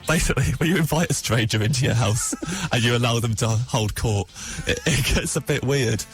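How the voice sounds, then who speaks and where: A man's voice: mid-range voice, brisk, faint music behind. A man on a radio show, telling a rambling comic story, laughing often and acting out bits of dialogue. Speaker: comedian guest telling anecdotes. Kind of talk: casual radio banter.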